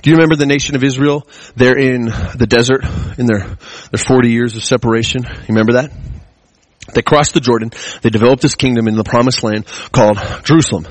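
A guest preacher opens his sermon with a casual personal story, rambling, restarting, and chuckling often as he swings between excitement and hushed tones. His medium-pitched voice moves quickly, with no room sound and poor audio quality.

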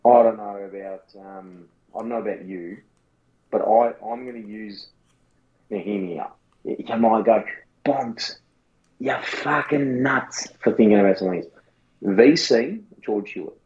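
A man's voice: lowish voice, a little slow, darkish tone, muffled recording. An Australian man co-hosting a podcast in casual chat, laddish and sweary, lecturing his mate in a mock-serious way. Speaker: podcast co-host.

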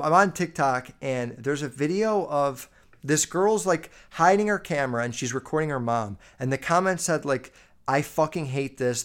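A man's voice: on the high side, clean tone. A man in his twenties hosting a solo podcast, ranting bluntly with heavy swearing and lots of fillers. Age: 20s. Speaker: podcast host. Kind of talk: casual solo podcast rant.

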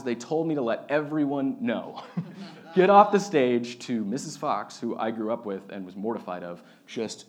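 A man in his thirties, a pastor, preaching a sermon with lively personal stories and acted-out voices. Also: medium pitch, moderate pace. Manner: animated storytelling, acts out quoted voices.

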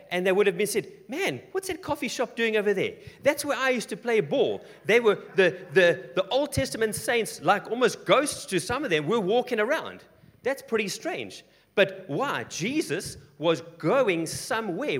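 A man's voice: high voice, fairly bright tone. A middle-aged man preaching a sermon who acts out the voices of the people in the story. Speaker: pastor.

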